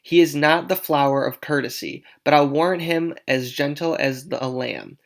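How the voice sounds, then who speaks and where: A man's voice: fairly high pitch, moderate pace, creaky. A man doing a fussy old nurse. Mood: grumbling. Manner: grumbling, teasing, dragging things out. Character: old nurse, fussy and complaining about aches. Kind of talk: dramatic read-aloud of a play.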